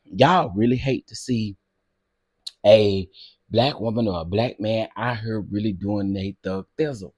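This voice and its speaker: A man hosting a casual livestream, talking to his chat in an animated way and laughing often. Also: fairly low pitch, measured pace, breathy edge, no room sound, clean studio sound. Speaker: livestream host.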